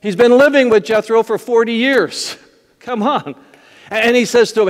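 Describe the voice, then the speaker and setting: Storytelling pastor in a reverberant hall. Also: male voice, sits high, lively intonation, fairly quick. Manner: conversational storytelling with acted-out voices and laughs. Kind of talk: sermon. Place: church sanctuary.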